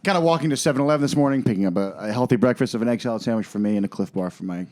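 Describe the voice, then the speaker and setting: Man, podcast co-host, casual joking chat, quick delivery. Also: medium pitch, darkish tone. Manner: joking, laughs often.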